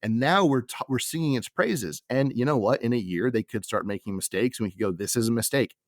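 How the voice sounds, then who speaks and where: Guy hosting a chatty podcast, mid pitch, chuckles a lot while going through his notes, dry close sound. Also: a little fast, no room sound. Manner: relaxed, chuckling, reads recap notes. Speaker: podcast host. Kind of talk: casual podcast chat and episode recap.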